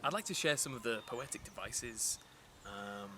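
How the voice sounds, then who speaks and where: A man's voice: mid-range voice, animated, moderate pace, noisy background. A man teaching a casual lesson on poetry, explaining in a chatty way with fillers and restarts. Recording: outdoor recording with clear nature sounds behind. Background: birds and rural ambience.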